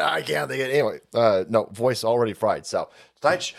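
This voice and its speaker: A middle-aged man hosting a livestream, crude and rambling, joking and laughing, his voice fried and gravelly. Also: mid-range voice, expressive, a little fast, hardly any pauses. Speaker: livestream host. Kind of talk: foul-mouthed political rant stream.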